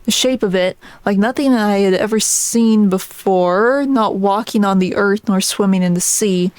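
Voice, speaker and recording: A woman's voice: medium pitch, a little mellow, no echo, close to an everyday voice. A woman reading out the lines of a grim, vengeful old fisherman from a game, plainly and with small stumbles, in her own everyday voice. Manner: reads the lines plainly, halting on some words. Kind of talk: reading game dialogue aloud.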